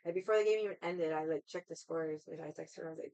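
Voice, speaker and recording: A woman's voice: deep voice, quick pace, mellow, poor audio. A woman hosting a casual stream, chatting with her viewers in a rambling way and swearing freely. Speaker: livestream host chatting with viewers. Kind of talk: casual chat.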